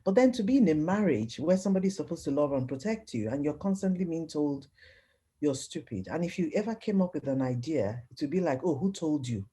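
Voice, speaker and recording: Lively expressive woman telling her story. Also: low voice, a little fast. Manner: expressive storytelling, acts out quoted voices, laughs often. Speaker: interview guest. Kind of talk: personal testimony in conversation.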